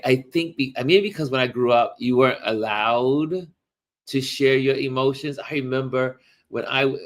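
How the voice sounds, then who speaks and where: A middle-aged man chats on a livestream at a very unhurried pace, his voice at an ordinary pitch. He muses aloud and speaks directly to his viewers between pauses. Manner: slow, musing, talks to viewers while showing photos. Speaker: livestream host. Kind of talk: casual livestream chat.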